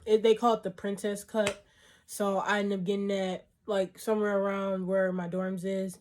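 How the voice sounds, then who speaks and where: A woman's voice: mid-range voice, flat delivery, moderate pace, a little mellow, a little hiss or hum. A young woman vlogger casually telling a story to her camera, rambling with lots of fillers and acting out what people said. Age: young adult. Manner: rambling, filler-heavy, acts out quoted dialogue.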